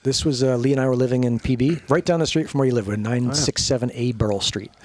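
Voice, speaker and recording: A man telling stories as a podcast guest, animated and profane, acting out the people he quotes. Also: mid-range voice, fast, no room sound. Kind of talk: storytelling.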